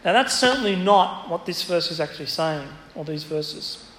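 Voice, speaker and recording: A man's voice: on the high side, lively intonation, moderate pace, fairly bright tone, a little hiss or hum. A man preaching an expository sermon in a church, teaching through a Bible passage and quoting it with emphasis. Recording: echoey church hall, faint ambience.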